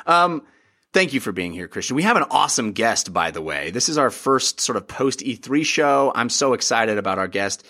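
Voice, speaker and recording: A man hosting a podcast, upbeat and excitable, chatting casually about games with plenty of fillers. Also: medium pitch, normal speed. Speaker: podcast host. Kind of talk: casual chat.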